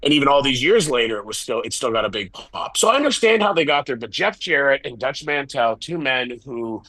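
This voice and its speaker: A middle-aged man, a wrestling promoter, telling candid stories in an interview, animated and self-deprecating. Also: medium pitch, a little fast, no echo, low-quality recording.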